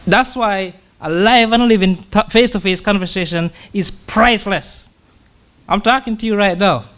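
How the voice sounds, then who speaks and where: Man, sermon, conversational, frequent pauses, repeated words, slow scripture reading, higher voice. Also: a bit bright, smooth. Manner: pauses often, repeats words, laughs lightly; slows to read scripture. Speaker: church brother preaching.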